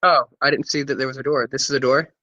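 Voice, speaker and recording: A man's voice: medium pitch, steady tone, fast talker, bright, forceful tone, no room sound. A man playing a tabletop game casually, joking and laughing often. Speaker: player. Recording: dull lo-fi audio.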